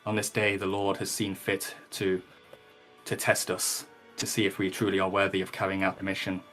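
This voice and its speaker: A solemn holy warrior preaches in a low, grave voice, as a man puts him on in a tabletop game. He sounds measured and stern, with faint music underneath. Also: completely flat delivery, fairly bright tone. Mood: preaching.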